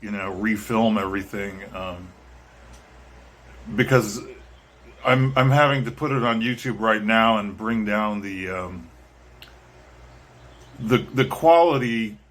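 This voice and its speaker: A man's voice: fairly low pitch, takes it slowly, pauses often, a bit bright, a little hiss or hum. A man talking casually to the camera as a vlogger, rambling and hesitant with many ums and restarts. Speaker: vlogger and musician.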